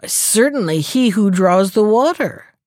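A woman's voice: mid-range voice, expressive, a little slow, a little mellow, no room sound, studio quality, lightly acted. A woman voicing plain-spoken diggers in a storybook, matter-of-fact.

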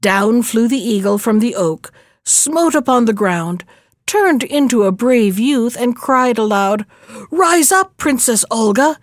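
Slow, dry-voiced woman storyteller. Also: on the high side, expressive, dry recording. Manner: slow, measured fairy-tale narration. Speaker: narrator. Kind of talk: storybook reading.

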